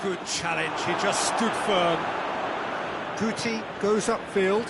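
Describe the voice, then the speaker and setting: A man calling a football match as play-by-play commentator in a video game, excitable and building to shouts. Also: sits high, slow, heavy background noise. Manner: excitable, rising to shouts at goals. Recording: game audio over loud stadium crowd.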